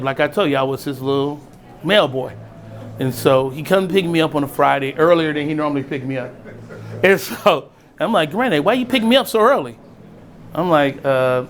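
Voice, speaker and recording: A middle-aged man from East Oakland tells a personal story in a loose, casual way, his voice sitting a touch high for a man. He keeps it animated, slipping into the voices of the people he quotes and chuckling as he goes. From East Oakland, California. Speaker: storyteller and spirits brand founder.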